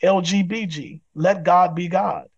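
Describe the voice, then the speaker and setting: High-voiced emphatic preaching man. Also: fairly even intonation, a little slow, vocal fry, highs cut off. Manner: acts out quoted people in other voices. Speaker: pastor and guest. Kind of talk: podcast interview.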